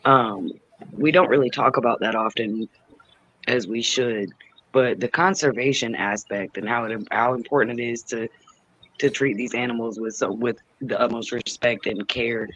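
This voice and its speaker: Man, mid pitch, measured, earnest, dry, dull lo-fi video call audio. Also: fairly even intonation, a bit bright, no echo. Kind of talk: casual live stream chat.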